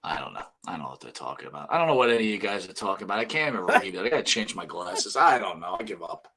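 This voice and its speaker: A man's voice: low voice, very animated, very fast, pushed and bright, husky. A man co-hosting and producing a casual wrestling talk show, teasing his partner and reading viewer comments. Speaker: co-host and producer.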